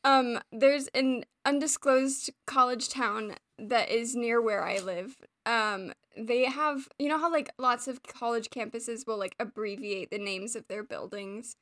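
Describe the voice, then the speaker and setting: High, bright rambling young woman. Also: unhurried, few pauses. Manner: rambling, filler-heavy and laughing. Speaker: player. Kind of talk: casual chat.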